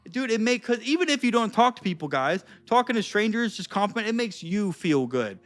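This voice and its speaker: A young man talking casually to camera as a vlogger and coach, energetic and profane, acting out short everyday exchanges. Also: high-pitched. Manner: energetic, profane, bro-ish, acts out little dialogues. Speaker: vlogger and social skills coach. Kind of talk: casual vlog talk to camera.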